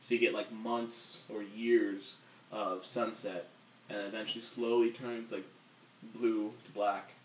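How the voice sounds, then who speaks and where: A man's voice: lowish voice, little pitch movement, unhurried, slight background noise. A man co-hosting a casual podcast who rambles through stories, acts out characters' lines and laughs often. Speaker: podcast co-host. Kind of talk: casual chat. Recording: roomy sound, mic at a distance.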